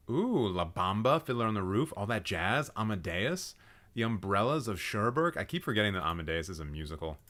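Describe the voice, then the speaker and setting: A young man hosting a live stream, reading out viewers' film lists and mocking them with sarcastic asides and frequent laughter. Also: on the low side. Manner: sarcastic, mocking, laughs often, swings loud and quiet. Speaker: livestream host roasting viewer film profiles.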